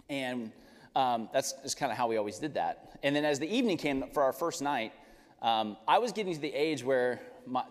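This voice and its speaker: A man preaching a sermon, telling a family story with lively laughter. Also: mid-range voice. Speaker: pastor. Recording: long reverb of a large hall.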